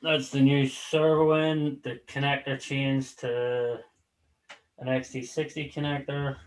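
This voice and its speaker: A man's voice: mid-range voice, flat delivery, takes it slowly, rough recording. Male host, casual rambling delivery, loose and profane, on a video call. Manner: rambling, swears casually, chuckles. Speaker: livestream host. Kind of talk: casual chat.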